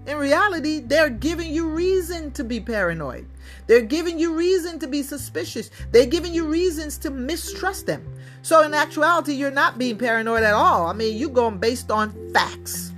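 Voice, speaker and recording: A woman with a somewhat high voice talks casually and with emphasis, slipping into the phrases she quotes. Faint music plays under her voice. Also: animated, normal speed. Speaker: speaker explaining gaslighting phrases. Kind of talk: casual talk to camera.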